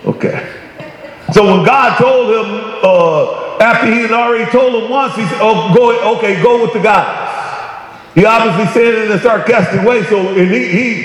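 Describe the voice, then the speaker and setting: A man's voice: high-pitched, moderate pace, fairly bright tone. A man preaching a sermon, talking conversationally and then rising into emphatic bursts. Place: church sanctuary. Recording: very echoey hall.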